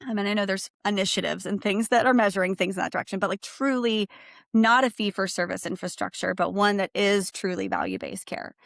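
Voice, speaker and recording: A woman's voice: medium pitch, fairly quick, vocal fry, no echo, clean studio sound. A woman speaking as a guest on a livestream discussion. She talks earnestly and reflectively in long, flowing sentences. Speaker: guest, bereaved parent.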